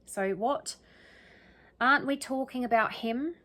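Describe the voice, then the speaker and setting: A bright, forceful, high female voice, a little slow, delivers solo true crime commentary. She casually breaks down the wording of an interview as she thinks aloud, regularly tossing in "right?" and "okay?".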